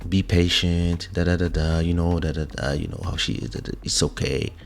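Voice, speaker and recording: A man voicing his female manager, soothing him in a low, dismissive murmur. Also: level tone, normal speed, creaky. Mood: placating.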